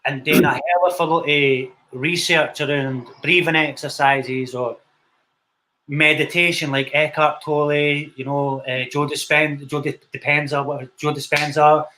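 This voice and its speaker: Bright-voiced Scottish man, blunt and sweary. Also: fairly high pitch, measured pace, a little hiss or hum. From Scotland. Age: young adult. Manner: blunt, swears freely, animated storyteller. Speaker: guest, film director. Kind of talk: casual interview storytelling.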